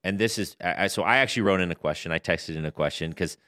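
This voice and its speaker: Pastor guy with a really low voice telling a personal story, dry mic. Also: fast, bright, forceful tone, no room sound. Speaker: pastor and podcast host. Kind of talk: casual podcast conversation.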